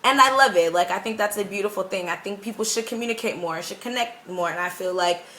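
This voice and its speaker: A young woman teaching English abroad, chatting to her camera in a rambling, animated way. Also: mid-range voice, fast. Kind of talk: casual talking-head vlog. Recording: echoey room.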